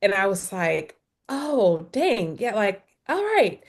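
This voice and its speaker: Woman, mid-pitched, candid and expressive, hosting a wellness webinar by video call. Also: slow pace. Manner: candid, expressive, acts out dialogue. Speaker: webinar host, wellness professional. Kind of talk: casual webinar chat.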